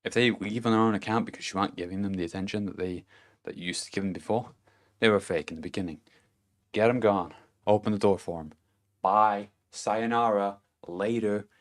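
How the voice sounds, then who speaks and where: A man's voice: deep voice, fast. A man giving a casual motivational monologue to camera, blunt and profane, chuckling between his points. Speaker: vlogger.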